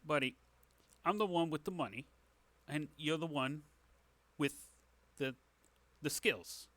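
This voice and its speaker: A man's voice: a little high, slow pace, a bit bright, no echo, pitched above the performer's own voice. A man voicing a sly, pushy middle-aged tavern fixer who talks like a slick salesman. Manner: slick, wheedling salesman talk.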